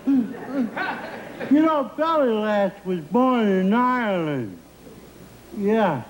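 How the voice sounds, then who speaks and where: A man's voice: high-pitched, very animated, extremely slow, roomy sound, crowd noise, rough recording. A man in a comedy sketch telling rambling stories and breaking into giggles, recorded on old TV audio with audience laughter. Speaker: comic sidekick character.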